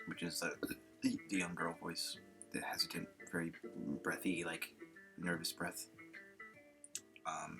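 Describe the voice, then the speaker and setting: A man streamer casually introducing a session, rambling with many pauses. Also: low voice, gravelly. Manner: rambling, full of fillers and restarts. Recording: guitar music under the voice.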